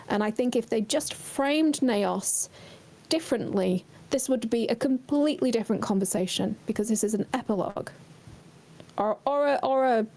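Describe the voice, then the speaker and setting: A woman's voice: a little high, darkish tone. A woman guest on a gaming podcast, giving firm opinions and repeating words as she starts her sentences. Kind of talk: casual podcast chat.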